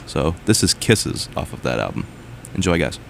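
A young man hosting a student radio show, chatting in a relaxed, easygoing way with many fillers. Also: a bass voice, moderate pace, gravelly, slight background noise. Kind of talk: casual chat on air.

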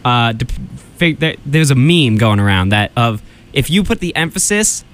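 A man's voice: medium pitch, lively intonation, moderate pace, a bit bright, slight background noise. A young man hosting a college radio show, chatting casually and restarting sentences as he goes.

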